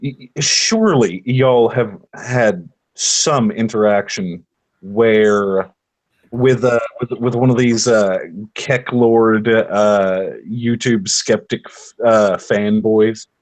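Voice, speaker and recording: A man's voice: on the low side, slow pace, poor audio. A man on a podcast panel chatting casually, rambling and restarting as he tells stories. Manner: rambling, many restarts, animated storytelling. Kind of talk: casual chat.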